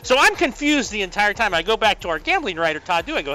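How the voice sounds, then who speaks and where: A man's voice: sits high, quick pace, few pauses, rough recording. A man co-hosting a sports talk show, telling stories and acting out the people in them. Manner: animated storyteller, acts out quotes. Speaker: sports radio co-host and columnist.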